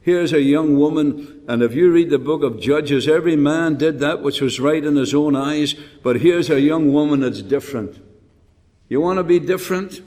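A man's voice: fairly high pitch, moderate pace, a little mellow. An older man preaching a folksy, rambling sermon with rhetorical questions and frequent restarts. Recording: long hall reverb.

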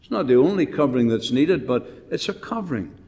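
A man's voice: medium pitch, expressive, a little fast, dark tone. Older preacher man in a reverberant hall. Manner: folksy, rambling, frequent restarts and rhetorical questions. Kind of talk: sermon.

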